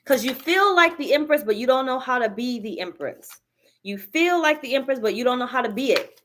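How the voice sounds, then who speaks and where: A woman's voice: high voice, lively intonation, fairly quick, fairly bright tone, slight background noise. A woman giving a live tarot reading, blunt and profane, hammering her points by repeating them. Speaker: tarot reader.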